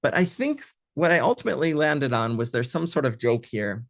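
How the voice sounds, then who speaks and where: Man translator leading an online reading session, mid-pitched, unhurried, full of fillers, dry video-call sound. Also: very animated, no room sound. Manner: thoughtful, hesitant, many fillers.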